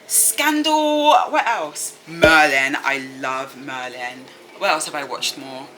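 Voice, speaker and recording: A young woman chatting quickly as she gets ready, rambling and often apologizing. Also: sits low, animated, pushed and bright, faint music behind. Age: young adult. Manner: fast-talking, rambling, apologetic. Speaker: student vlogger. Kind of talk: casual chatty vlog while doing makeup. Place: home while getting ready. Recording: noisy, TV sound in the background. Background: TV show playing in the background.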